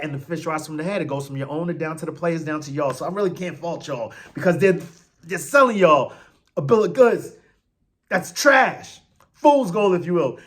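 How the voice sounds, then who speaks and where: A man hosting a casual sports fan show, talking in an animated, slangy way with emphatic outbursts. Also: fairly high pitch. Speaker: sports podcast host.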